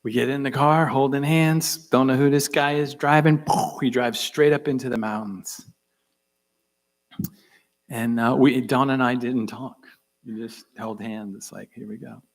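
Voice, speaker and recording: An older man telling a tense personal story on a conference stage, intense and dropping into hushed whispers for emphasis. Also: mid-range voice, steady tone, unhurried. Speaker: conference speaker. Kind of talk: dramatic keynote storytelling.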